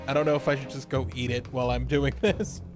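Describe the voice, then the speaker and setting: A man's voice: medium pitch, level tone, fast talker. A young man streaming a game, joking around and reading its lines aloud in mock voices. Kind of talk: casual gameplay chat. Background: game music.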